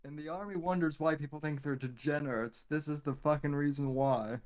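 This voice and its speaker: A man's voice: fairly high pitch, steady tone, fairly quick, a little mellow. A man co-hosting a podcast who chats casually and bluntly, cutting in with questions. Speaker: podcast co-host. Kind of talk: casual chat.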